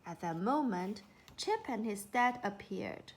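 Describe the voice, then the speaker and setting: A woman narrating a children's storybook in an unhurried, expressive way. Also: mid-range voice.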